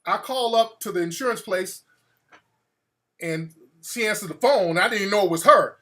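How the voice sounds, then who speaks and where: A man hosting his show, telling a comic story in an animated, profane way with laughs between lines. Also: high-pitched, normal speed, long pauses. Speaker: show host.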